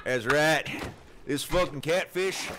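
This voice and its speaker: A man's voice: on the high side, slow, very noisy. A man voicing a brash, folksy character in a put-on drawl, crude and swaggering, during a game stream. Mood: boastful. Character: brash folksy man bragging about catfish.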